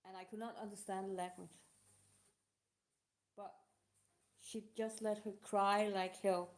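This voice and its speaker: Emotional woman answering questions, halting. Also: mid-range voice, level tone. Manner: halting, emotional, non-native phrasing. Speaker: live show host. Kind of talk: casual live talk answering questions.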